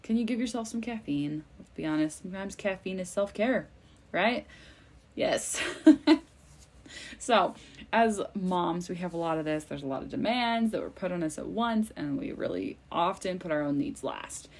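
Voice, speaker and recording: A woman's voice: fairly low pitch, animated, moderate pace. A young woman, a mom, hosting a live self-care workshop in a chatty, upbeat way with frequent laughs. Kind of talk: casual live workshop talk. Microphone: livestream mic.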